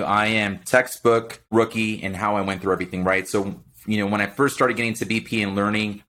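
A man speaking as a podcast guest, in an energetic, motivational chat style, often tagging his points with a quick "right?". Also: on the low side. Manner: energetic, keeps adding "right?".

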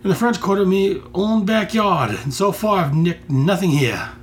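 A man voicing a brash, boastful male thief in a put-on Australian accent, pitched noticeably above his own speaking voice. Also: normal speed, natural voice.

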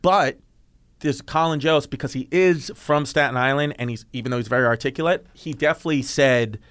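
A man hosting a podcast, telling stories in casual, animated chat with some swearing. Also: mid-range voice, brisk, clean tone, no room sound. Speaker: podcast host.

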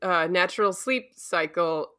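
A woman co-hosting a podcast in casual chat, playful and jokey, quick to laugh. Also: lowish voice, sharp tone. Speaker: podcast co-host.

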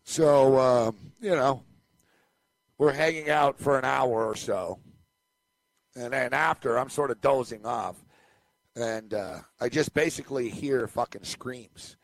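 A podcast co-host, male, telling a rambling story with lots of asides and chuckles. His voice sits mid-pitch and is recorded close and dry in a studio. He is relaxed and conversational. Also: slow pace, no echo. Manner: rambling, animated anecdote telling with laughs. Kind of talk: casual storytelling chat.

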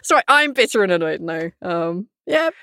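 A woman's voice: on the low side, very animated, normal speed, sharp tone, smooth, dry recording, clean studio sound. A young woman, a game master talking candidly in a casual podcast chat, laughing often and swearing freely.

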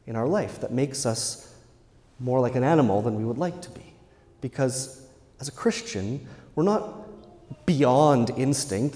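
A male priest delivers a Sunday homily at a middling pitch, earnest and measured, leaning on pauses for emphasis. His voice rings with the long reverb of a large church. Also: a little mellow. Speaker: Catholic priest.

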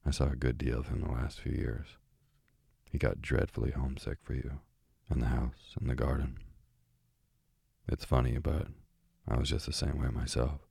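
Chatty old parrot read by a man; very low, husky, dark, dry close sound. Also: level tone, normal speed, dry recording, full character voice.

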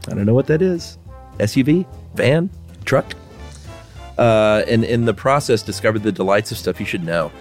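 A man's voice: lowish voice, animated, moderate pace, soft background music. A man co-hosting a podcast, laid-back and wry, chatting and reading out listener mail. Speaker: podcast co-host.

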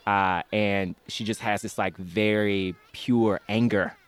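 A man's voice: lowish voice, steady tone, takes it slowly, clean tone. A man in his thirties chatting as an interview guest, enthusiastic and rambling, laughing often. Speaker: guest, comedy fan. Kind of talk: casual interview chat.

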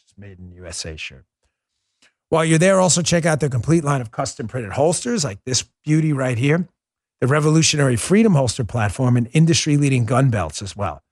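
A man hosting a political podcast, reading ads and ranting in heated, mocking commentary. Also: medium pitch. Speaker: podcast host.

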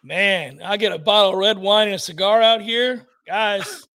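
A man's voice: high voice, moderate pace. A man co-hosting a casual sports talk show from home, joking and ranting with exasperation. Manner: joking, animated, rants with exasperation. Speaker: sports podcast co-host. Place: home, by a fire at night.

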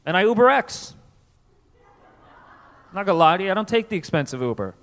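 Animated stand-up comic man. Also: high-pitched, fairly quick. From Connecticut. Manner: loose, self-mocking, animated delivery with voices. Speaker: stand-up comedian. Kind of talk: stand-up comedy set. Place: comedy club stage. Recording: live in a reverberant club.

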